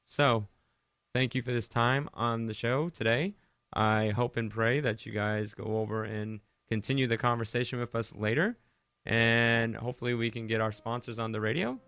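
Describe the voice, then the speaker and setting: A man's voice: medium pitch, normal speed, fairly bright tone, smooth, no room sound, clean studio sound. A man from Rhode Island hosting a Christian radio show, talking conversationally, asking listeners many questions and leading a prayer. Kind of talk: devotional radio talk and prayer.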